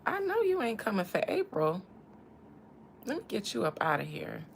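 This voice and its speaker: A woman's voice: medium pitch, huge pitch swings, moderate pace, vocal fry, slight background noise. A woman from the American South with a Southern accent, hosting a casual tarot reading and talking in a sassy, teasing drawl. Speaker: tarot reader and channel host.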